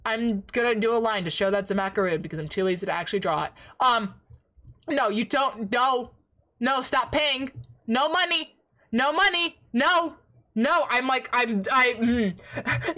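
High bright-voiced girl streamer, throat raspy from yelling, gets loud and excited talking to chat. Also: a little slow. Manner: excitable, yells in playful protest. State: sore, raspy voice from long yelling. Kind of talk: casual livestream chat while drawing.

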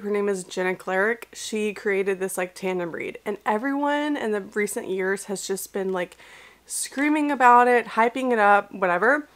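A woman's voice: mid-range voice, fairly bright tone. Young woman book vlogger, casual rambling delivery with fillers, just recovering from being sick. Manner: chatty, rambling, lots of fillers and restarts. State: recovering from illness, tearful at times. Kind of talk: casual vlog chat.

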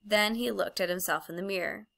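A woman reading a children's story aloud as a storybook narrator, in an even, clear storytelling manner. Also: medium pitch, a little fast. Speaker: audiobook reader.

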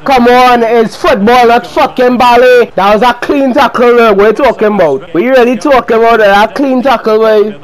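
A young man giving heated, profane commentary while playing a football video game, often shouting at his players. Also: very high-pitched, moderate pace, hardly any pauses, poor audio. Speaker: gaming video creator.

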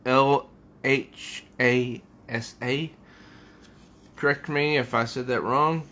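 A man's voice: mid-range voice, steady tone, takes it slowly, pushed and bright. A man giving a casual comic book review at home, rambling and thinking aloud as he pages through an issue.

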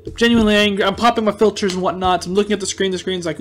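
A man giving casual let's-play commentary on a video game, reacting excitably with loud outbursts of frustration. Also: high-pitched, very fast. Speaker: gameplay commentator.

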